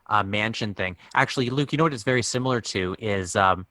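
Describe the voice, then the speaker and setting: Bright, wry-sounding man co-host. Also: on the low side, brisk, dry recording. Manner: wry, jokey commentary. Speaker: podcast co-host. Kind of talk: casual podcast chat.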